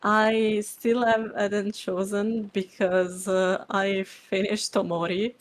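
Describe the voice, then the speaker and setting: A woman's voice: medium pitch, level tone, slow. Woman, stuffy nose, tired, giggly, hesitant, casual chat. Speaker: guest streamer.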